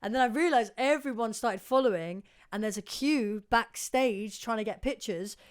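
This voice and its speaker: A young woman co-hosting a podcast, telling stories in a chatty, animated way and swearing freely. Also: fairly high pitch, normal speed. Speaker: podcast co-host. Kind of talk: casual chat.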